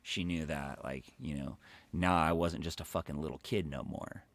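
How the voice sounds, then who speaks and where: A man with a very low voice and a gravelly crackle talks through a story on his live stream. He rambles casually and swears constantly, with loose filler words throughout. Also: steady tone, moderate pace. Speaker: livestreamer.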